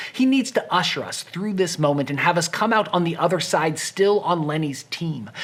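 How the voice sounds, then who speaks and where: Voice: mid-range voice, breathy edge. Wry, chatty literature explainer. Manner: wry, chatty asides, drops to a hushed tone for dark scenes. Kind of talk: casual book summary with dramatic readings.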